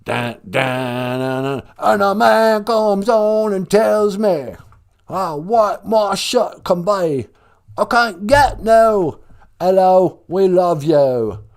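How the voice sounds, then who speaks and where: A man's voice: medium pitch, very slow, pauses often, darkish tone. A man putting on a mocking English accent to play an aging male rock star who croons and counts in a song. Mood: mock singing. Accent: put-on English.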